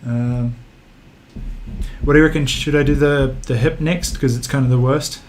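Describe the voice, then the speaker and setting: Working on a model kit during his livestream, a New Zealand-accented man chats casually and makes self-mocking jokes. He has a mid-range voice with fairly even intonation and a normal speed, and the background noise is clearly audible.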